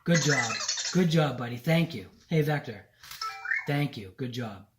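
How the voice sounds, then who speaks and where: A man's voice: medium pitch, expressive, measured pace, background noise. Man coaxing a toy robot like a pet. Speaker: hobby robot vlogger. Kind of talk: casual vlog, talking to a toy robot. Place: indoors at a home countertop.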